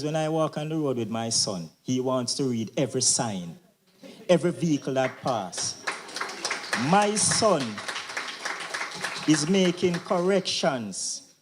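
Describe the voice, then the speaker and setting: A man's voice: mid-range voice, expressive, unhurried. Fervently grateful father giving testimony. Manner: fervent, repeating thanks and blessings. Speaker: parent speaker. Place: symposium hall.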